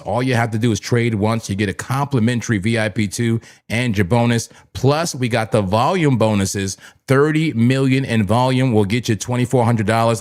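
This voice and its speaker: A man from New Jersey hosting a live crypto trading stream, talking in a hyped, repetitive, chatty way to his viewers. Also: mid-range voice. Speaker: livestream crypto trading host. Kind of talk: casual live-stream commentary.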